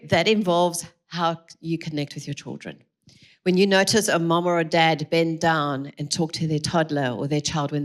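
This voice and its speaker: A middle-aged woman giving an earnest, encouraging talk to a live audience at a church parenting evening, speaking into a mic through a PA. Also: low-pitched. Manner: earnest, encouraging, addresses the room directly. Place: large room with a live audience.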